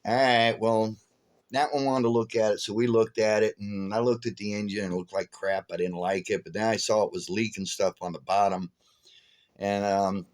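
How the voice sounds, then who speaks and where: Tired low-voiced man rambling. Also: steady tone, moderate pace. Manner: rambling, chuckling, full of fillers. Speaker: vlogger. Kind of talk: casual storytelling.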